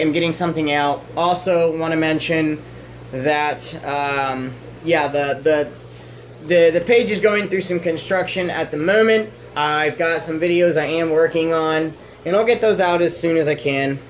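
A young Texan man rambles through a casual fish-room update. His voice sits a bit high for a man, and he keeps restarting his sentences. A faint hiss runs under the recording. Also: rough recording. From Southern US. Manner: rambling, halting, restarts often; coos at his fish in a raised voice. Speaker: fish-keeping vlogger.

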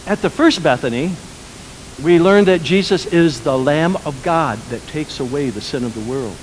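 A man pastor preaching a sermon, swinging between loud, emphatic lines and quiet, lowered ones. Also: moderate pace, slight background noise, low-quality recording.

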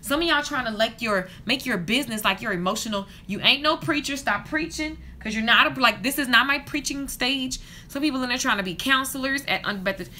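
A woman's voice: sits high, brisk, sharp tone. A woman in her thirties, a hair stylist and business coach, rants passionately and casually to camera in a hotel room. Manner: passionate, fired-up ranting. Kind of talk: casual vlog rant to camera.

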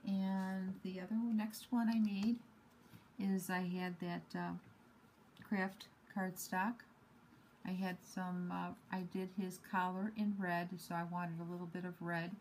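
A woman showing her handmade cards at home in an unhurried, self-deprecating way, with many ums and uhs. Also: fairly low pitch, flat delivery, darkish tone, slight background noise, low-quality recording. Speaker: card-making hobby vlogger. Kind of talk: casual show-and-tell craft demo.

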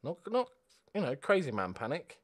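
A young man giving a football video game live commentary, excitable and sweary, moving between quiet muttering and loud outbursts. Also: on the high side, normal speed. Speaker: gaming video host.

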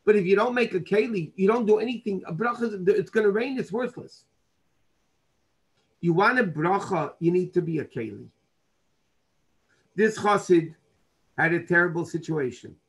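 Rabbi guy teaching torah, kinda husky, higher voice, earnest storyteller. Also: normal speed, pauses often, poor audio. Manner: earnest storyteller, dropping in Hebrew and Yiddish terms.

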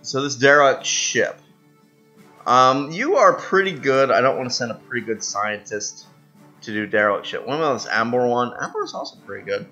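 A man's voice: mid-range voice, lively intonation, normal speed, pushed and bright, highs cut off, faint music behind. A man giving casual, rambling commentary on a strategy game, self-mocking, with lots of fillers. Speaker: gaming video host.

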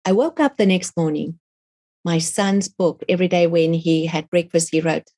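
A woman's voice: fairly low pitch, normal speed, warm tone, husky. A middle-aged woman, a guest author, telling an emotional, earnest story of faith in an interview. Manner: emotional, earnest storytelling, non-native phrasing. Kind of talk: testimony in an interview.

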